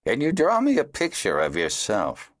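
A man voicing a patient, direct male dragonrider teacher who asks a child questions in a gently probing way. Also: mid-range voice, wildly swooping pitch, normal speed, no room sound, studio quality, pitched above the performer's own voice. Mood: gentle.

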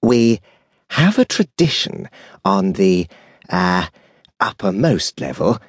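A man voicing a stern, deliberate male angel. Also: sing-song, slightly rough, no echo, clean studio sound, exaggerated voice. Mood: solemn. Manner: slow, deliberate, lowered delivery. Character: stern, measured male angel, impatient judge. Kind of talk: audiobook character voice.

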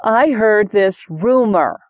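A woman voicing a friendly older boy cousin who shares news slowly and excitedly. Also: medium pitch, no echo, lo-fi sound.

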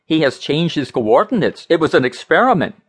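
A man's voice: a little high, big pitch swings, brisk, slightly rough, voice pushed up. A man voicing a lean, nervous young assistant who speaks with stiff formality. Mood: anxious.

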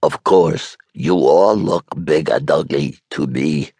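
A very deep, husky hobgoblin grumbles in slow, heavy words, as a male narrator puts him on. He sounds gruff and aggrieved, a little storybook creature. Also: dark tone, dry recording, exaggerated voice.

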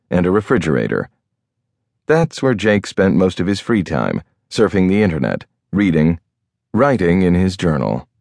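A man narrating a thriller audiobook in a measured, storytelling manner. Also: deep voice, a little mellow, no room sound, studio quality. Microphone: close studio mic.

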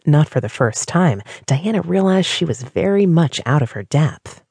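A woman narrates an audiobook in an expressive storytelling manner. Her voice is breathy, with a lively, wide-ranging pitch, and the recording is close and dry. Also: normal speed, no echo.

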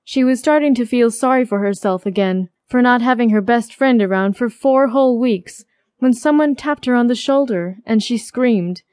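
A woman's voice: on the high side, normal speed, darkish tone, no room sound, studio quality. Woman narrating a romance audiobook. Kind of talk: scripted narration.

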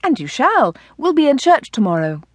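A woman voicing an eager, delighted young married woman in an audiobook who rushes on as she talks. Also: sits high, big pitch swings, darkish tone, no room sound, pitched above the performer's own voice. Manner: eager, rushing on.

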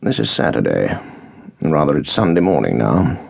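A man voicing a grave, measured British officer. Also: rumbling low, very animated, creaky, a little mellow, exaggerated voice.

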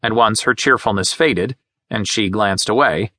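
A man narrating an audiobook in a measured studio reading, gently voicing each character. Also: on the low side, no echo. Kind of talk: scripted narration.

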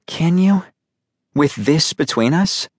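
A man voicing a young woman in an audiobook, speaking softly and questioningly. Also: a little high, animated, takes it slowly, no room sound, studio quality, pitched above the performer's own voice. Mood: pleading. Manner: soft, questioning. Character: young woman, hurt and pleading.

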